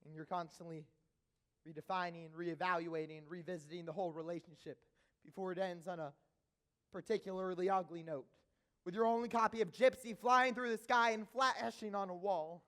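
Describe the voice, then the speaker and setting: A man's voice: sits high, steady tone, moderate pace, fairly bright tone. A man playing a nervous, chatty theater fan who narrates with rambling asides to the audience in a stage musical. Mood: musing.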